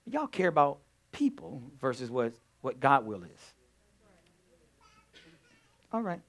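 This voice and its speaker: A man preaching a sermon as pastor, swinging between quiet talk and loud, urgent emphasis. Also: medium pitch, sing-song, slow.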